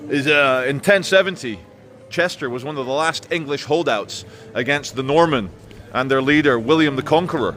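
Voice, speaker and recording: A man's voice: medium pitch, normal speed, fairly bright tone, a little hiss or hum. A man hosting a walking tour of a city, outdoors, with sarcastic, crude jokes. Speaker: vlogger host. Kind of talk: casual walking tour commentary.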